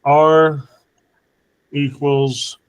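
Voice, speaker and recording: A male teacher leading an online lesson at an unhurried pace, stopping often to check that students follow. His voice sits a little higher than most men's. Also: flat delivery, smooth, rough recording. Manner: patient, checks for understanding. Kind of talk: online class instruction.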